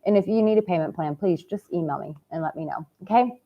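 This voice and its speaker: A woman dating coach giving a heartfelt motivational vlog talk, swinging from hushed tenderness to loud, exuberant outbursts and swearing casually. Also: lowish voice, quick pace.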